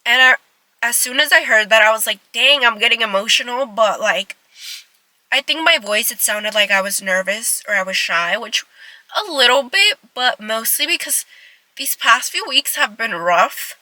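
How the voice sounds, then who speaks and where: In an unhurried, animated way, a woman in her twenties vlogs to her phone camera in a car, her slightly high voice pushed and bright. She's chatty and rambling, full of "like" fillers, and emotional to the point of near tears. There's no echo, but the recording is rough.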